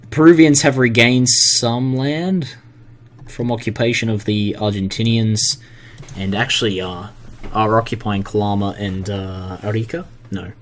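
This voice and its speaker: A man's voice: lowish voice, a little slow, slight background noise. Man casually commenting on a game. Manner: relaxed, self-deprecating, stumbling over place names. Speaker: gaming commentator.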